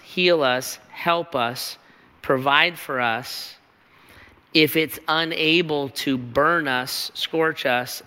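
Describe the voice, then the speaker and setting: A man's voice: medium pitch, pushed and bright, smooth, long reverb tail. A man pastor preaching a sermon in a church, with an emphatic, repetitive rhetorical cadence.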